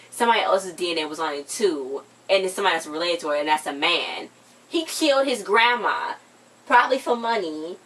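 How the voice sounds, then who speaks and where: A young woman chats quickly through a TV episode recap and acts out the characters' lines as she goes. She sits a little away from the mic, so her voice sounds slightly distant. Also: fairly low pitch. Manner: animated storytelling, acting out characters' lines. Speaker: co-host of a TV recap channel. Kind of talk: casual chat, TV episode recap.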